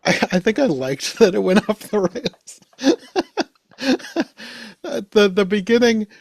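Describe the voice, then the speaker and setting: A man chatting casually on a podcast, relaxed and hedging, often saying "like". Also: sits high, slow, gravelly, husky. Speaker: podcast host.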